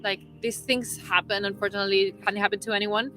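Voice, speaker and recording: A woman's voice: mid-range voice, fairly even intonation, fast, pushed and bright, soft background music. Earnest woman co-host. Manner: earnest, slips into Spanish phrases. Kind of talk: casual live-stream chat. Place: studio.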